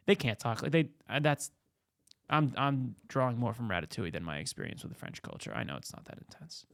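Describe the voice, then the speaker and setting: A man hosting a show, giving comedic, casual commentary with excitable, jokey riffing. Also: mid-range voice, fairly quick, vocal fry, dry recording, studio quality. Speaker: host.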